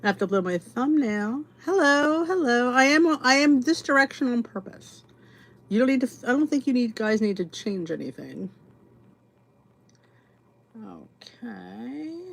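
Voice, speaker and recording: Chatty woman hosting a livestream, higher voice, rambling and scattered. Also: lively intonation, measured pace, gravelly. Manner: chatty, scattered, talks to herself while setting up. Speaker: podcast host. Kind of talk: casual livestream chat.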